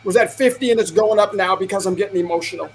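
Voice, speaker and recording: Improviser, mid pitch, sheepish and apologetic; faint noise behind. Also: quick pace, poor audio. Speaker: improv performer. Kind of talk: improv comedy scene.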